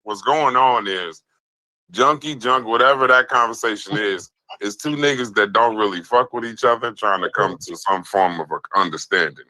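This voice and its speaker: Man host, AAVE speech, moderator on a live show, bright tense voice, dry close sound. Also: fairly low pitch, moderate pace, no room sound, low-quality recording. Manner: moderating, repeats calls to calm down. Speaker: podcast host. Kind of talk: heated live podcast debate.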